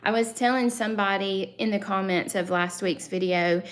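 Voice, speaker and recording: A woman's voice: medium pitch, normal speed. A woman in her thirties with a thick Southern US accent, hosting a casual live-stream chat, rambling with lots of fillers and restarts. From Southern United States. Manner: chatty and rambling, many fillers and self-corrections. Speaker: channel host.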